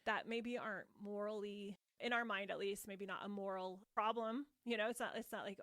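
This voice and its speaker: Expressive woman with a dry close sound. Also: a little high, fairly quick, no room sound. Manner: expressive, emphatic, laughs easily. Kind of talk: podcast conversation on parenting.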